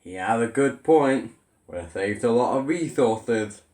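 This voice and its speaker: A man's voice: mid-range voice, animated, unhurried, darkish tone, echoey room. A man ranting in an exasperated, sarcastic way as a vlogger. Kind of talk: ranting commentary.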